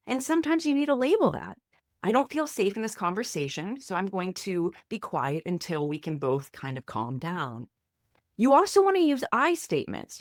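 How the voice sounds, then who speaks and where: This is a faith-based lesson delivered to camera by a woman who speaks as a therapist and coach. She is plain-spoken, direct, and encouraging, with a pitch that moves widely to emphasize her points. The audio is dry and close-miked, with almost no sense of the room.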